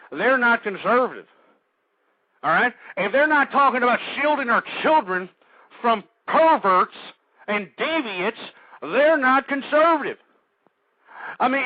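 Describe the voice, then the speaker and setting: High-pitched man ranting on talk radio. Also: no echo. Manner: indignant, shouting insults, repetitive rhetorical questions. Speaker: call-in radio talk show host. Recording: dull lo-fi internet radio audio.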